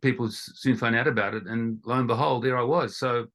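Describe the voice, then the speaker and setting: A man's voice: medium pitch, steady tone, a little fast, fairly bright tone. A middle-aged Australian man, a guest in an interview, talking in a rambling way with many restarts. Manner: rambling, with frequent restarts and fillers. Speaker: guest, ESL teacher. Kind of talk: conversational interview.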